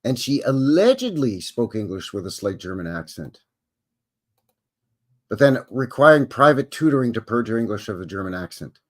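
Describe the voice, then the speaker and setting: Casual rambling man with lively pitch. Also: moderate pace. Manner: casual, rambling asides with frequent fillers. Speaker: host. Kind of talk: reading aloud and commenting on a livestream.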